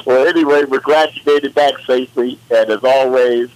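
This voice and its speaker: A man's voice: medium pitch, clean tone, rough recording. A man co-hosting a radio show, rambling in casual chat and getting worked up as he tells stories. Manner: animated, rambling, exasperated storytelling. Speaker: radio co-host.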